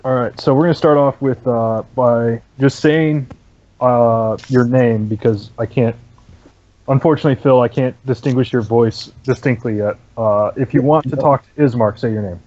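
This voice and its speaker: A man's voice: mid-range voice, steady tone, moderate pace, darkish tone, lo-fi sound. A man narrating as game master for a tabletop game, casual and full of fillers. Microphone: online voice chat mic.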